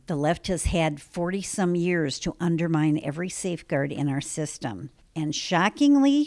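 A woman from Illinois, a guest in a political interview, explaining her points emphatically and punching key words with sudden jumps in pitch. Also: a little mellow. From Illinois, United States. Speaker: election integrity activist guest.

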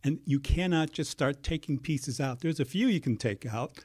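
A man talking as a guest in a studio, explaining things in a measured, step-by-step way. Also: fairly high pitch, a little mellow, husky.

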